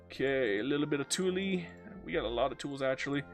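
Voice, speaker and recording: A man's voice: medium pitch, expressive, quick pace, soft background music. A man streaming a strategy game, chatting casually, joking and reading viewer comments aloud. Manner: chatty, joking, reads chat aloud, breaks into silly mock voices. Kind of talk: live gameplay commentary.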